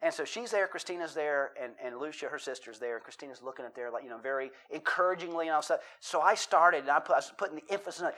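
A man's voice: fairly high pitch, fast talker, hardly any pauses, sharp tone. A middle-aged man preaching a sermon, telling self-deprecating stories and reading scripture and poetry with dramatic emphasis. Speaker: pastor.

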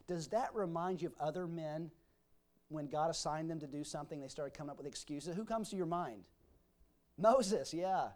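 Folksy preacher man with a fairly high voice. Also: normal speed, a little mellow. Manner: folksy, explains scripture with homely examples; reads scripture aloud in King James wording. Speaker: pastor. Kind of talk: expository sermon.

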